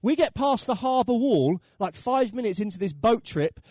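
A man in his thirties preaching a sermon and telling a funny holiday story, with lively acted quotes. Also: extremely high pitch, normal speed, no echo. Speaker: pastor.

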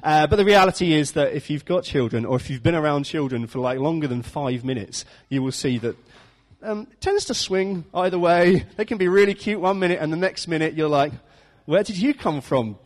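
A man's voice: on the high side, fairly quick. A man preaching an informal sermon, chatty and self-deprecating, often laughing at his own stories. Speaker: pastor. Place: church hall. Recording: echoey church hall.

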